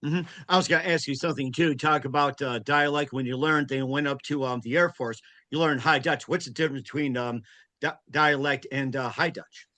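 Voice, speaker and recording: An American man hosts an interview, asking his questions in a loose, rambling way full of fillers. His voice is bright and forward at a middling pitch. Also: steady tone, fairly quick. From United States. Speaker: host.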